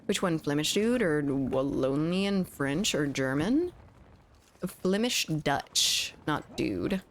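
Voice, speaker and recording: Giggly young woman streamer, low voice. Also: expressive, takes it slowly, slight background noise. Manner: chatty, giggly, reads chat aloud. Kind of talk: casual gaming livestream chat. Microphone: studio condenser mic.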